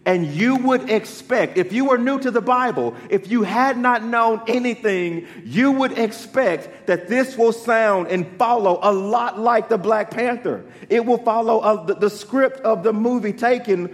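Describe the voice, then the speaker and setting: Fairly high-voiced male preacher in a hall. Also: measured pace, hardly any pauses. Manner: builds to urgent rhetorical questions. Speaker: pastor. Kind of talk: sermon.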